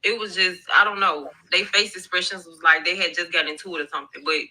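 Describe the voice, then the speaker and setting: Woman spinning a gossipy storytime, chatty and cursing, with a piercing bright tone. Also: on the low side, fairly even intonation, fast, rough recording. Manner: chatty, slangy and profane, repeats herself. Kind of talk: casual storytime to followers. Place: at her workplace.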